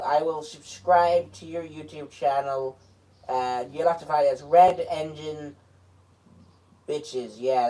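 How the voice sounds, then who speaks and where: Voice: mid-range voice, a little mellow. A performer improvising a melodramatic male toy engine with a put-on American accent, recorded from a distant mic. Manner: rambling, melodramatic, crude jokes. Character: stuck, whiny male toy engine James. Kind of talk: improvised comedy role-play.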